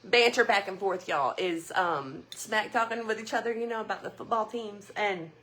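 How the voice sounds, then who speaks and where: A woman's voice: mid-range voice, normal speed, a bit bright. A woman hosting a casual livestream, chatting with viewers and telling stories with frequent laughter. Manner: chatty, storytelling, laughs often. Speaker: livestream host.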